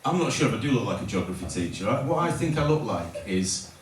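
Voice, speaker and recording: A man from North Lincolnshire, England, speaks fast in a fairly low, very animated voice during a hesitant open-mic stand-up set at a small hotel-bar comedy night. Rambling and self-deprecating with many fillers, he is recorded from afar in a roomy hall amid loud noise and audience laughter.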